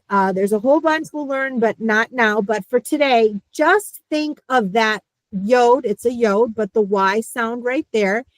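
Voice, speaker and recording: A woman teaching a beginner class, explaining sounds in a lively, playful way with sudden squeaks. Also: no echo, rough recording. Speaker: Hebrew teacher. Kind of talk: online lesson.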